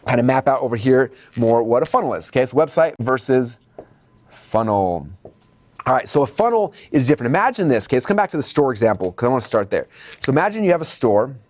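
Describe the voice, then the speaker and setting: A man giving a marketing lesson at a whiteboard, animated, acting out shoppers and salespeople in raised voices. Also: dry recording. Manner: animated, acts out customer dialogue in high voices. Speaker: marketing instructor. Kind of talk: whiteboard lecture.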